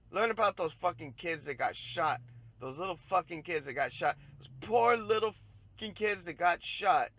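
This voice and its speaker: A man hosting a podcast, ranting in a casual, profane way that grows loud and heated. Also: fairly high pitch, low-quality recording. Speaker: podcast host. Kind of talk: casual rant.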